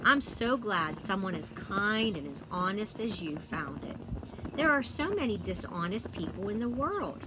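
Storybook figure: kindly old man, sentimental and grateful, read by a woman, with animated inflection. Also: sits high, unhurried, background noise. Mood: earnest grateful. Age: older. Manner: earnest, sentimental. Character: kindly tearful old pencil maker man.

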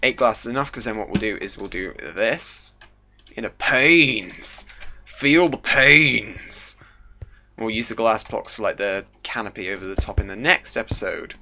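Sweating in the heat, this British teen YouTuber jokes and rambles as he plays Minecraft, slipping into silly voices now and then. He speaks a little fast in a sharp, lowish voice, barely pausing. Faint music and slight noise sit behind the muffled home recording.

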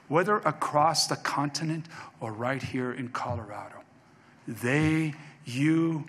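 A man's voice: mid-range voice, slow, a bit bright, breathy edge. A man preaching a sermon as pastor, emphatic and repeating key phrases for weight. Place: church sanctuary. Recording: reverberant church hall.

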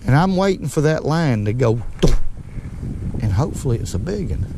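A man, fishing outdoors from a boat on a lake and talking viewers through it in a folksy, excitable way. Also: mid-range voice, moderate pace, slight background noise. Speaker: fishing vlogger. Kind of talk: casual on-the-water commentary.

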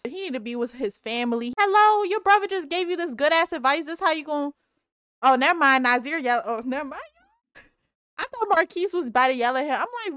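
A woman giving casual, animated commentary on her game, talking straight to viewers, swearing and laughing often. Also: high voice, brisk, no room sound, clean studio sound. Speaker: Let's Play creator.

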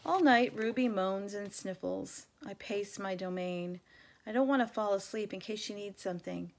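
A woman reading a children's novel aloud in a measured, gentle storytelling manner. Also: mid-range voice. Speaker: reader.

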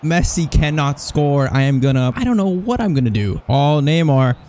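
Excitable young man commentating a game. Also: a little high, normal speed. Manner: excitable, jokey, shouts at players, swings between hype and mock despair. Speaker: gaming YouTuber. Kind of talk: live commentary over his own video game.

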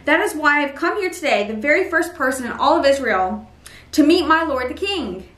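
A penitent man begs his king for mercy, as a woman reads his lines. The voice is high. A roomy echo and some distance from the mic shape it. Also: animated, fairly quick, fairly bright tone. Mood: contrite. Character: penitent man begging a king's forgiveness.

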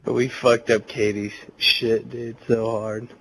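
Drunk young man gamer, slow slurred rambling speech, keeps giggling, mid-pitched voice. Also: little pitch movement, gravelly, a bit bright, poor audio. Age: young adult. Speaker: gamer on voice chat. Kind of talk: casual chat.

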